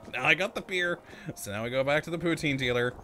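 A man's voice: fairly high pitch, sharp tone. A man hosting a let's-play video, chatting casually to himself and laughing often as he plays. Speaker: gaming channel host.

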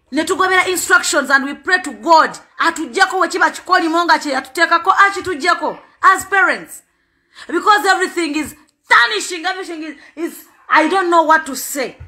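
A woman's voice: high voice, pushed and bright. A Ugandan woman and parent making an impassioned spoken appeal, emphatic and repetitive, switching between two languages. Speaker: parent speaking out.

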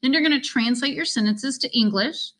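A woman's voice: high-pitched, a little fast, a bit bright. A woman teacher explaining a Spanish class assignment step by step in a chatty, casual screen-recorded walkthrough. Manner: chatty, repeats directions step by step.

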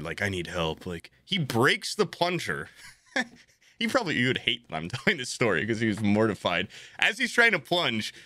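A young man hosting a podcast in casual chat, telling an animated story while laughing often and swearing freely. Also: fairly high pitch, dry recording, clean studio sound. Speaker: podcast host.

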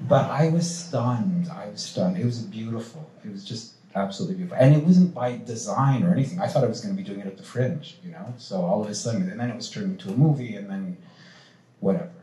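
A man on a panel telling lively stories, acting out the voices of the people he quotes and swearing freely. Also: lowish voice, fast, roomy sound, poor audio. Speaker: playwright panelist. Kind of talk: animated storytelling on a panel. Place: cultural institute event hall.

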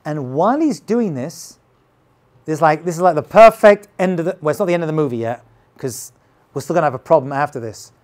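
Animated man teaching a scripture lesson. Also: a little high, brisk. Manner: dramatic, casual, retells scenes with acted quotes. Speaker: rabbi teaching.

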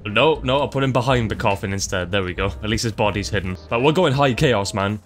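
Jokey young gamer. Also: male voice, fairly low pitch, fairly quick, few pauses, faint music behind. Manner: jokey, laughs often, teases enemies, repeats phrases. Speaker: gaming streamer. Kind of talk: let's play commentary.

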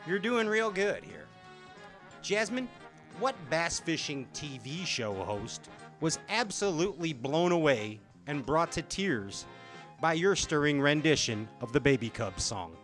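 A man hosting a talk show who turns it into a jokey quiz, laughing as he goes. His voice is bright and lively in pitch, and his pace is unhurried. Faint music plays in the background. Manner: joking, lively, laughs often. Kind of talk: playful game-show hosting.

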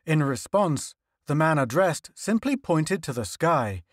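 A man reads classic fiction aloud in an even, steady voice that sits fairly high. The close mic gives a dry sound with no room around it. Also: a little slow, dry recording. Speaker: audiobook narrator.

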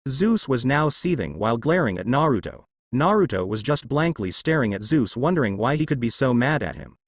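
Lively man narrating a fan story. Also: fairly quick, no room sound, studio quality. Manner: reads all figures in his own voice, lively pitch.

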